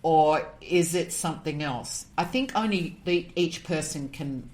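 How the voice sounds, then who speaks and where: Earnest low-voiced woman guest. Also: unhurried, darkish tone. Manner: earnest, rhetorical questions, tells stories. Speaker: guest, animal communicator. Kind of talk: interview conversation.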